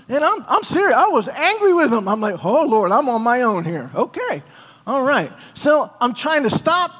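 A man preaching a sermon as a lively story, acting out the people in it. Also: high-pitched, in a large hall. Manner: animated storyteller, acting out dialogue.

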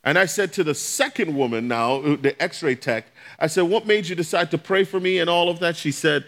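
A man's voice: fairly high pitch, fairly quick, few pauses, a bit bright. A middle-aged man, a pastor, telling a personal testimony as a sermon, acting out the voices of the people in his story. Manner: storytelling, acts out quoted voices.

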